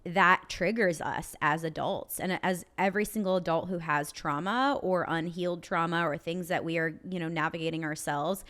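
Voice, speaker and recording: A young woman talks through a casual podcast conversation in a slightly low voice. She is open and emotional, and her sentences are full of "like" fillers. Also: moderate pace, few pauses, a bit bright. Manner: chatty, frequent "like" fillers, emotional. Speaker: podcast co-host. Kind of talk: casual chat.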